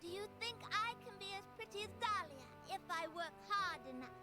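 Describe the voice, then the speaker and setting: A woman's voice: extremely high pitch, a little fast, over music. An eager little girl. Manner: excited, gushing questions. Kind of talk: video game dialogue.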